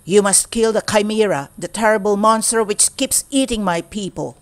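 A woman's voice: mid-range voice, normal speed, no room sound, natural voice. A woman voicing a scheming king who gives orders in a stern, commanding manner.

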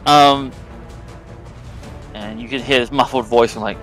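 A man running a tabletop role-playing game, talking through the action at an easy pace and stopping for plenty of ums and uhs. His voice sits at an ordinary middle pitch for a man. Faint music plays underneath. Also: unhurried, poor audio. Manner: relaxed, descriptive narration with frequent fillers. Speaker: game master.

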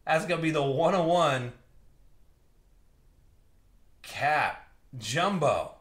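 A young man hosting a live trading card break, excitedly calling out cards and buyers in slangy chat. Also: a little high, unhurried. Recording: roomy echo.

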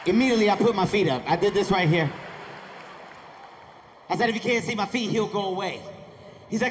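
A man telling animated stand-up stories on stage, acting out voices and shouting. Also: sits high, a little fast, long pauses, slight background noise. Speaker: stand-up comedian. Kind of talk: stand-up comedy storytelling. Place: large theater stage with audience.

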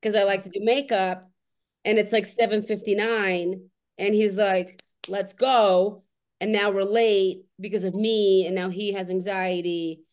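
A woman for whom English is a second language hosts a relaxed podcast conversation. She tells her stories with animation and lets the swear words fly. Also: medium pitch, normal speed, clean tone. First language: not English. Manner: animated storyteller, swears freely. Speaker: host. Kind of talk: casual podcast chat.

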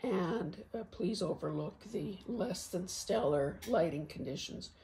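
A woman hosting a craft vlog in a croaky, hoarse voice, talking in a halting, casual way and often stopping to clear her throat. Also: on the low side, animated, mellow. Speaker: craft channel host. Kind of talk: casual show-and-tell vlog. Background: faint traffic noise.

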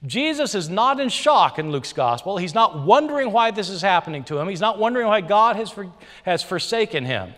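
High, lively man debating in a hall. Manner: emphatic, rhetorical repetition. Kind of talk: formal debate speech. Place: university lecture hall. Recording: reverberant hall.

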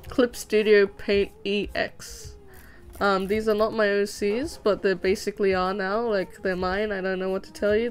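A young woman streaming as she animates, chatting casually in a rambling, excitable way and laughing often. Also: medium pitch. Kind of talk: casual chat while drawing on stream.

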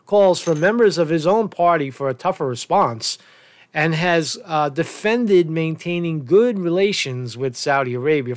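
A man's voice: sits high, no room sound, clean studio sound. A man hosting his own news commentary show, reading reports aloud and breaking off into angry, swearing, sarcastic rants. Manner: reads news aloud then rants about it. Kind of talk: casual profane news rant.

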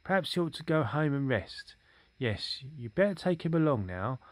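A man's voice: fairly high pitch, big pitch swings, no room sound, pitched above the performer's own voice. A man reading as a pompous old Chief Rabbit. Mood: condescending. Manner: smooth, patronizing, drawn-out. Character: pompous older male Chief Rabbit, condescending.

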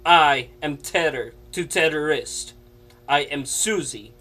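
A man delivering a deadpan comic monologue, slow and deliberate with pauses for effect. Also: on the high side. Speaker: comedian.

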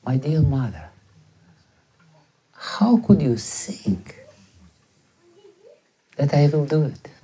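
A man's voice: a little high, big pitch swings, extremely slow, long pauses, dark tone, husky, exaggerated voice. Man voicing an anguished young prince. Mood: pleading. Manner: impassioned, pleading. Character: anguished young prince pleading his loyalty.

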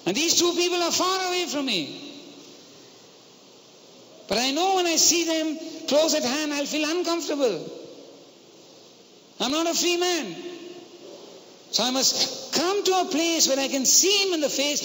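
A man's voice: very high-pitched, animated, unhurried, pauses often, pushed and bright. A man preaching a sermon, telling a personal story and putting rhetorical questions to the congregation. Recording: long hall reverb, faint noise.

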